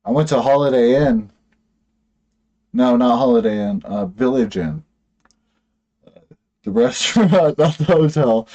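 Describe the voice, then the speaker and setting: A man's voice: medium pitch, expressive, a little slow, gravelly, long pauses, darkish tone. A man co-hosting a podcast over a video call, talking in a rambling, joking and profane way. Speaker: podcast co-host.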